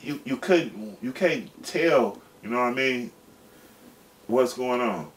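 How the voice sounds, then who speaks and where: A man's voice: mid-range voice, lively intonation, takes it slowly. Man, forties, profane slangy storyteller, rambling, picked up from a distance, faint background noise. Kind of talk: casual storytelling.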